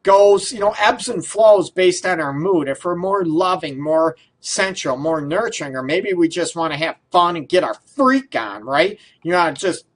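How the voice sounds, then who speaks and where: A man's voice: high-pitched, expressive, unhurried, few pauses. A man hosting a relationship radio show, talking casually in a rambling way, full of fillers and frequent laughter. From Detroit area.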